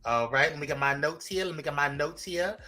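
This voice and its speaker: A man's voice: on the high side, brisk. Upbeat man co-hosting a live show. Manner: energetic, laughing, loose with fillers. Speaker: co-host. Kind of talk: casual live podcast chat.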